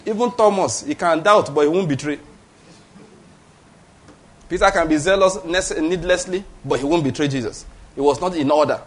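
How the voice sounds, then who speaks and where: A middle-aged Nigerian-accented man preaching in a somewhat high voice. He talks to the congregation in an emphatic, conversational way, often stopping to check that they follow him. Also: moderate pace, long pauses. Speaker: pastor. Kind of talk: sermon.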